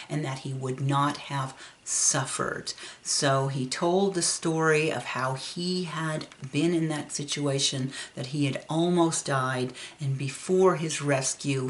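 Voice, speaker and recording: A woman with a low voice tells a story aloud. She speaks in a relaxed, conversational way, with lively expression in the retelling. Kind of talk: storytelling narration.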